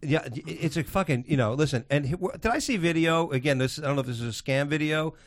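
A man's voice: fairly high pitch, quick pace, dry recording. Ranting, profane man with a raised voice. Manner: ranting, excitable, swears constantly. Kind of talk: profane casual political chat.

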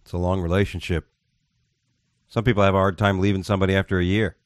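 A man's voice: low voice, flat delivery, quick pace, no room sound, clean studio sound. A man co-hosting a podcast in casual chat, rambling and joking. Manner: rambling, jokey, puts on silly voices. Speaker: podcast co-host.

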